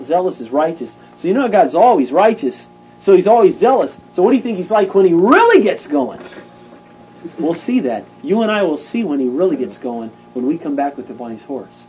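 A man's voice: fairly high pitch, expressive, moderate pace, darkish tone, dull audio, faint music behind. A man preaching an informal sermon in a fervent, conversational way, acting out stories.

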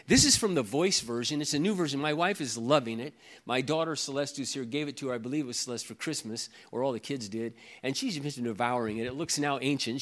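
A middle-aged man preaching from the pulpit with a voice that sits a little high for a man. His delivery swings widely in pitch, rising and falling with feeling, and he often repeats key phrases for emphasis. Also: a bit bright. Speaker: pastor. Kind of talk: sermon.

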